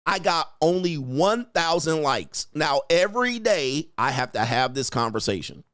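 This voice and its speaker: A man's voice: fairly high pitch, expressive, measured pace, a bit bright, no room sound, clean studio sound. A man hosting his own livestream, talking straight to his viewers in a brash, profane, mocking way and taunting them. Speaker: livestream host. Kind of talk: livestream rant to chat.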